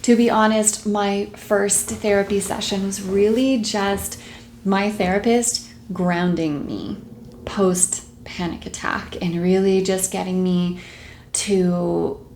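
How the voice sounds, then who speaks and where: A young woman tells a personal story to camera in a casual, animated way. She acts out her own thoughts in quotes and adds small laughs. Her voice sits at a mid pitch, and the room around her is echoey. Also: a little hiss or hum. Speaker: video host sharing a personal story. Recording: roomy echo.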